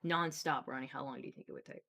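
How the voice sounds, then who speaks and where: Bright-voiced young woman hosting a stream. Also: very deep voice, steady tone, fast, gravelly. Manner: laughing, blunt, swears freely. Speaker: livestream host. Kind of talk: casual livestream chat.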